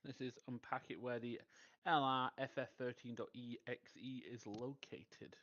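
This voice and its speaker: A man's voice: mid-range voice, fairly even intonation, moderate pace, a bit bright, muffled recording. A man co-hosting a game stream, casually and helpfully walking his partner through setup steps. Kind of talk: casual gameplay chat.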